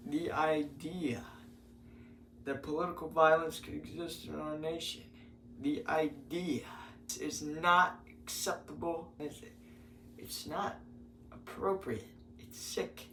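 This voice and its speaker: A man voicing a halting elderly male politician who stumbles and restarts his words. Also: fairly high pitch, a bit bright. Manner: stumbling restarts, drawn-out emphasis. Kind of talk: parody impression. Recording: roomy, distant mic with faint noise.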